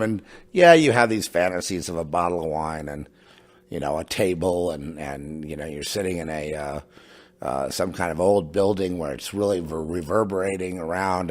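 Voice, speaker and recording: Low-voiced man rambling casually. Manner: halting, many restarts and trailing asides. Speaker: podcast host. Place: home in New Mexico.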